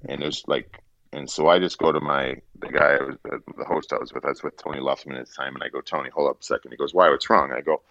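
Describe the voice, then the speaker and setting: Middle-aged man, very low voice, rambling storyteller, dry, slightly dull audio. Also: quick pace, creaky, no room sound. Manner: rambling, animated anecdote telling with acted-out quotes. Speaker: guest, former hockey player turned broadcaster. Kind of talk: casual storytelling in an interview.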